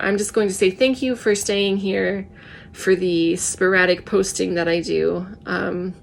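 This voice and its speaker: A woman with a froggy, tired voice, talking softly and earnestly in a casual personal vlog. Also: medium pitch, vocal fry, a little hiss or hum. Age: adult with children. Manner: soft, earnest, self-reflective. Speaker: vlogger.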